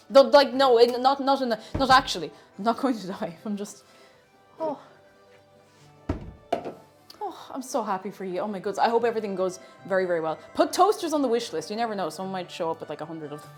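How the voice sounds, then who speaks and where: A woman live-streaming while she bakes, chatting casually. She bursts into excited squeals and shouts, then drops to soft mumbles and laughs. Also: medium pitch.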